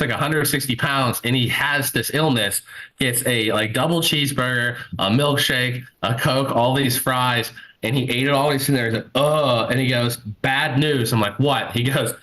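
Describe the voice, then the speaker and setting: A man in his thirties, a stand-up comedian, does his set from home at a computer via a video call and the computer mic. His mid-range voice is pushed and bright, and the recording is rough. He tells self-mocking, rambling stories with plenty of fillers.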